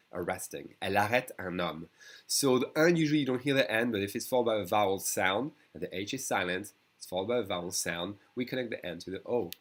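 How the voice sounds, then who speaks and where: A man's voice: deep voice, a bit bright. A middle-aged man with a French accent, a native French speaker, teaching an online language lesson, modelling phrases and checking in with "d'accord?".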